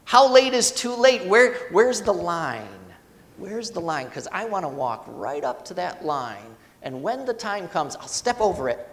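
A pastor delivering a sermon in an easy, conversational way, pressing points home with rhetorical questions and quick asides. The voice sits in a middle register. It rings out with the long reverb of a church sanctuary. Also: mid-range voice, big pitch swings.

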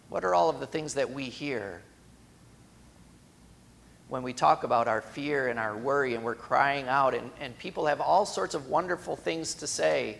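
A male pastor preaching a sermon, swinging between emphatic raised cries and quiet, hushed lines, and acting out imagined quotes in a chatty voice. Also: medium pitch, expressive, normal speed, creaky, in a large hall.

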